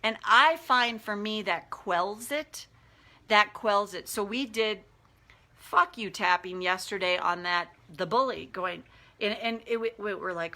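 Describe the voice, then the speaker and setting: Middle-aged woman coach chatting live, bright voice, acts out the inner voices. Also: medium pitch, measured pace. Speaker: life coach. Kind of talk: casual live-stream talk.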